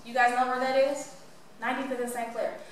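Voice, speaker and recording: A woman tells her story to a live audience. She is animated and playful, and she keeps asking the crowd questions. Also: high voice, brisk, slight background noise. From Cleveland, Ohio. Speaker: motivational speaker. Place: room with an audience. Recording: echoey room from far off.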